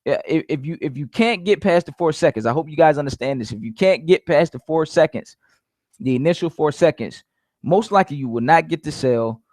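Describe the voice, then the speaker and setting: A man's voice: fairly high pitch, lively intonation, fairly quick, darkish tone, no echo, clean studio sound. A man giving casual sales coaching, repeating his points emphatically and calling his listeners "guys". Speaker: network marketing coach.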